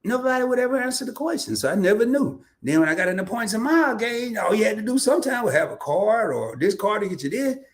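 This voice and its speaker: Animated man telling stories. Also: high-pitched, fast talker, hardly any pauses. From Arkansas. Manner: animated storytelling with laughs and repeated restarts. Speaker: host. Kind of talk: casual livestream chat.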